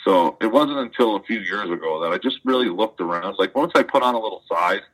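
A man with a very low, deep voice tells a story in a loose, rambling way. He is a wrestler answering an interview question, swearing freely and leaning on "like" as filler. The talk is casual and conversational. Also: lively intonation, fairly quick, a bit bright, rough recording. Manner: rambling, profane, full of fillers like "like". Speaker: professional wrestler guest.

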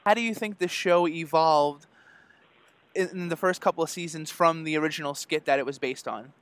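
A man's voice: fairly high pitch, normal speed, fairly bright tone, clear, resonant tone, dry recording. A male interviewer asking short, plain questions.

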